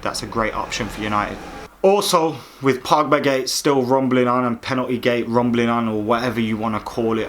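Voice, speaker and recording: A man's voice: medium pitch, a bit bright, a little hiss or hum. A man hosting a football fan vlog, giving opinionated commentary in an exasperated, sarcastic rant. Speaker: football fan vlogger host.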